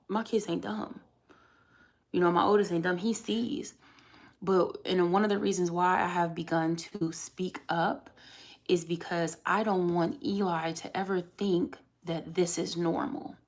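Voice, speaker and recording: A woman's voice: on the low side, a little mellow. A woman in her thirties, a mother of three, venting in a candid, emphatic and rambling way on a casual vlog.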